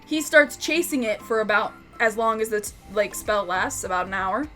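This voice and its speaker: A woman's voice: medium pitch, lively intonation, normal speed, a bit bright, faint music behind. A woman telling an unscripted tabletop game story, rambling, swearing and laughing. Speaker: YouTube storyteller, game master.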